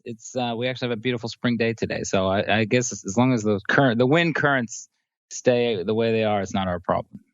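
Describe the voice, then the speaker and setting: Relaxed male analyst on a dull line. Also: lowish voice, dry recording. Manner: relaxed, hedging with fillers. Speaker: co-host, options analyst. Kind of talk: casual market talk.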